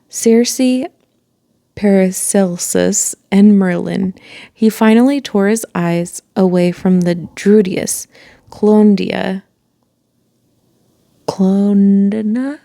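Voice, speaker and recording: Woman storyteller, dark and mellow, slow read-aloud pace. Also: medium pitch, gravelly, no echo, clean studio sound. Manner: calm, unhurried reading with asides. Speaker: children's book reader.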